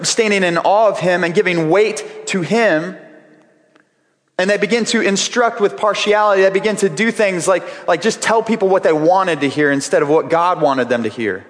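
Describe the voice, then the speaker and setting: A man's voice: high voice, moderate pace, big-room sound. A man preaching a sermon with earnest, repeated phrases as he builds each point. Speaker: pastor.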